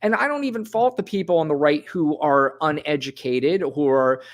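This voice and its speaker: A man's voice: on the high side, moderate pace. A man co-hosting a podcast, speaking frankly and bluntly in casual chat. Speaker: podcast co-host.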